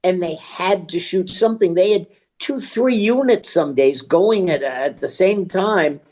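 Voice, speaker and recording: A man's voice: high voice, unhurried, a little mellow. An older man, a guest actor, telling casual stories and acting out the voices of the people he quotes. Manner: chatty storyteller, acts out quoted voices.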